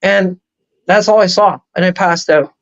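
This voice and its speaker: A man speaking as a show guest, telling a long personal story in a rambling, animated way. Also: high-pitched, measured pace, muffled recording. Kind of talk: casual storytelling on a talk show.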